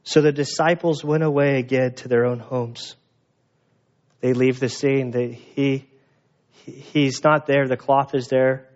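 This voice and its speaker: A man preaching a sermon in a lively, animated way, acting out the voices of people in the story. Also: medium pitch, unhurried, highs cut off. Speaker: pastor.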